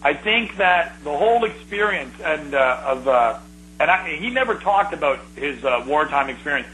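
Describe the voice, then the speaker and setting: A middle-aged man telling rambling, animated stories in a casual conversation, restarting his sentences often. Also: fairly high pitch, moderate pace, slight background noise, low-quality recording.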